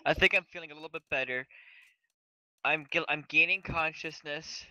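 A man's voice: a little high, normal speed, sharp tone, smooth, dry recording, highs cut off. A man gaming with friends on voice chat, hamming up a dramatic fainting bit. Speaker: gamer on voice chat. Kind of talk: playful voice chat banter.

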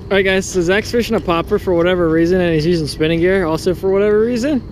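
A man hosting a fishing vlog from a boat, casual and excitable, hollering when he lands a fish. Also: sits high, fast. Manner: excitable, hollers over catches. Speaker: fishing vlogger. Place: outdoors on a small fishing boat. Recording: noisy outdoor boat audio.

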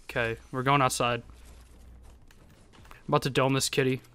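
A young man giving casual, excitable gameplay commentary, swearing and jumping into high yelps. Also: moderate pace, clear, resonant tone. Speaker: gaming YouTuber.

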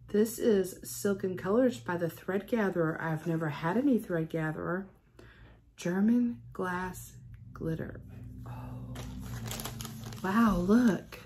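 A middle-aged woman vlogging at home in a casual unboxing chat, gushing and excitable. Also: medium pitch, unhurried. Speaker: stitching vlogger. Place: at home with a cat.

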